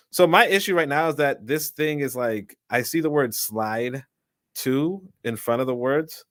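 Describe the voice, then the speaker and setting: A man reads a book aloud at a halting pace, correcting himself and stopping for chatty asides. His voice sits at an ordinary middle pitch. The sound is dry and close to the mic. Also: expressive, fairly bright tone, dry recording. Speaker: channel host reading a book aloud. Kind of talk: casual live reading with asides.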